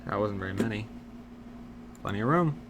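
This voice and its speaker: A man's voice: fairly low pitch, expressive, fairly quick, heavy background noise. A man streaming live, muttering and rambling playfully to himself as he types. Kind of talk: casual livestream chat.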